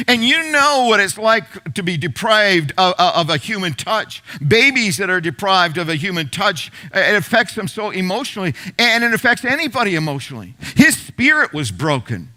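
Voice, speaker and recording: A middle-aged man preaches to his congregation as pastor, retelling a story with repeated phrases for emphasis. His voice sits high and bright. He lets some words fall to a near hush before building back up. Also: sing-song, moderate pace, few pauses. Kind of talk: sermon.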